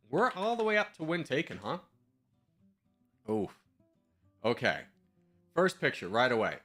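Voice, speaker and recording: A man streaming live, talking through his guesses out loud in a loose, self-mocking way. His voice is bright and forward, and his pitch jumps around a lot. Soft music plays faintly underneath. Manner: thinks aloud, chatty, self-mocking. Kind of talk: casual live-stream commentary.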